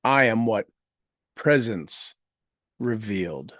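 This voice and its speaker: A man leading a guided meditation, speaking affirmations slowly and gently, repeating each phrase with soft trailing endings. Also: on the low side, lively intonation, no room sound, studio quality. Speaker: meditation leader.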